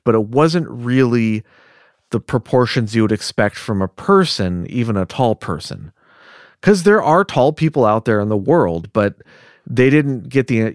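A man co-hosting a podcast, telling a story in a relaxed, chatty way with joking asides. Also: medium pitch, no echo, studio quality. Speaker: podcast co-host. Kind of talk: casual storytelling narration.

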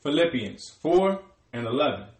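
A man reading verses aloud in a steady, formal way during a sermon. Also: fairly high pitch, normal speed, echoey room. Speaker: scripture reader.

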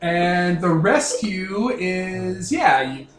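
Male game master, high voice, rambling and excitable, echoey room sound. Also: drawn-out words, soft background music. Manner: rambling, excitable, full of fillers. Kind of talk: narrating a tabletop game.

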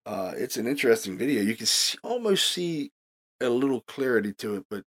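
A man's voice: medium pitch, sing-song, brisk, a bit bright. A man guest-hosting a podcast, telling a story in a casual, profane way and leaning on "you know". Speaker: guest host.

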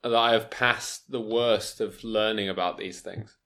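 A man's voice: lowish voice, steady tone, measured pace, pushed and bright. A man co-hosting a podcast, dry and understated, sometimes hesitant. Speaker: podcast co-host. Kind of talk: casual podcast banter.

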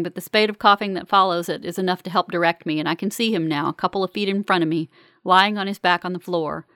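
A woman reading a first-person story aloud in a calm, measured, earnest way. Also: lowish voice, no echo, clean studio sound. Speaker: narrator. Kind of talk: first-person audiobook narration.

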